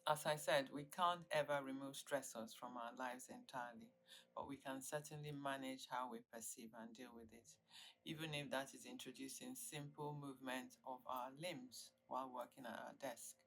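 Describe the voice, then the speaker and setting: A woman's voice: extremely low pitch, a bit bright, a little hiss or hum, poor audio. An older woman, a psychiatrist, presents an online stress workshop in an earnest, emphatic and reassuring way. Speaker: psychiatrist leading a wellbeing workshop.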